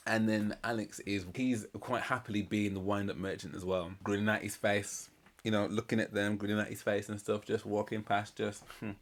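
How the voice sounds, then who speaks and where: A man's voice: lowish voice, flat delivery, moderate pace. A man giving casual, slangy reaction commentary on a reality show, retelling scenes with laughs. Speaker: reaction channel host.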